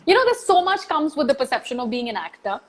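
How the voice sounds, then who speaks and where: A woman's voice: high voice, big pitch swings, fast talker, low-quality recording. A woman hosting a casual interview on a live video call, asking long, thoughtful questions. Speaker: interview host. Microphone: phone on a live video call.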